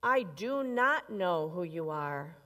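Woman voicing a polite patient counter lady, calm, long echoey reverb. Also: fairly low pitch, slow pace, exaggerated voice. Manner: courteous, calm. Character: polite patient female airport counter clerk.

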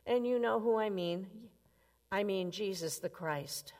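A woman's voice: a little high, measured pace. A woman preaching a sermon in a conversational way, often asking her listeners questions. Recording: long reverb.

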